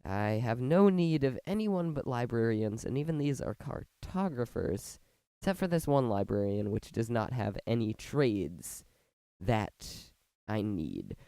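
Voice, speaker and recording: This is a man giving a let's-play commentary while sick with a fever, and it hurts when he talks. His voice sits mellow and soft-edged, yet it leaps up and down whenever something works. He rambles, restarts and walks through each step of his build with eager excitement. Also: mid-range voice, measured pace, creaky, clear, resonant tone, dry recording. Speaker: video game commentator.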